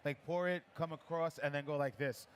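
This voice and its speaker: A man's voice: on the high side, fairly even intonation, slight background noise. A man who teaches latte art, coaching a guest through live pours at a coffee festival in a chatty, encouraging way. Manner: encouraging, chatty, gives quick pouring cues. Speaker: barista instructor. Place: coffee festival demo area.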